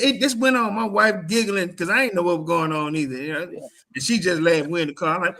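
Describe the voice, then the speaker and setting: Animated man telling a story. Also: high voice, quick pace. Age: adult. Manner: animated, acts out quotes in raised voice. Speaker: podcast co-host. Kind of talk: casual chat, storytelling.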